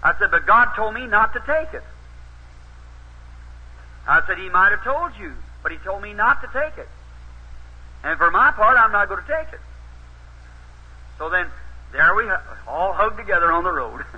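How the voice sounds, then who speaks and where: A man's voice: sits high, expressive, moderate pace, pauses often. Folksy preacher man on an old tape. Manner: folksy, rises to emphatic exhortation. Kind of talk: sermon storytelling. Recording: dull, husky old tape recording.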